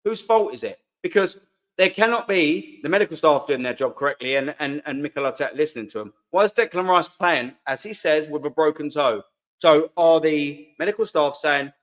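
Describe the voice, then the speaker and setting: Bloke ranting on his live fan stream, bit high-pitched, says bruv a lot, keeps repeating himself. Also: fairly quick. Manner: heated, swearing, repeats himself, slangy. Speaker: host of a live fan channel. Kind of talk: casual live-stream chat, reading comments.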